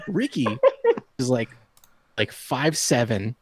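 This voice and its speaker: A man's voice: mid-range voice, takes it slowly, dry recording. A man in his thirties telling a long story to friends in a casual chat, laughing often and acting out the people he quotes. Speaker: podcast host.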